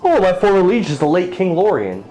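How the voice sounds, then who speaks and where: A man's voice: high voice, sing-song, brisk, dark tone, faint music behind, pitched above the performer's own voice, rough recording. A man voicing a pompous, boastful male human knight in a tabletop role-play game, speaking in a grand, self-important way. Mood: proud.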